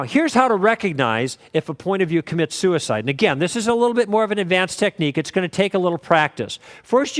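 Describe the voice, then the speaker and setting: A man's voice: sits high, a bit bright, big-room sound. A man teaching an apologetics class, telling stories of his conversations with quoted dialogue in a conversational lecturing way. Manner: conversational storytelling with acted quotes.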